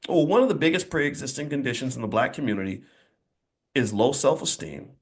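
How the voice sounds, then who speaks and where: A man's voice: mid-range voice, lively intonation, fairly quick. A middle-aged man giving a motivational speech to a live audience in an indoor venue, emphatic and repetitive, with a preacher-like rhythm. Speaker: motivational speaker.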